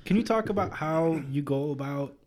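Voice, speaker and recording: A man's voice: a little high, expressive, normal speed, a little mellow. A man in casual chat, eagerly asking questions and reacting.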